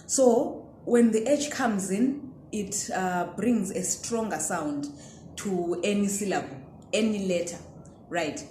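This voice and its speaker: Woman tutor, unhurried and patient, roomy echo around her. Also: mid-range voice, mellow, slight background noise. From Zimbabwe. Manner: patient, checks in with "right?". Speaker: language teacher. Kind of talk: pronunciation lesson.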